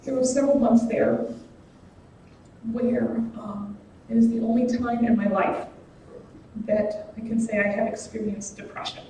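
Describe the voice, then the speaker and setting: The speaker is a woman whose voice is a little high and dark in tone, with fairly even intonation. Giving a guest sermon in a church sanctuary, she sounds earnest and personal, slow and deliberate. The capture is distant and reverberant, with faint noise underneath.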